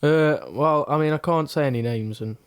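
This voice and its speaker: A man's voice: on the high side, moderate pace, clean tone, no echo, studio quality. A man co-hosting a podcast, chatting casually in a laid-back, joking, sweary way. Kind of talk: casual chat.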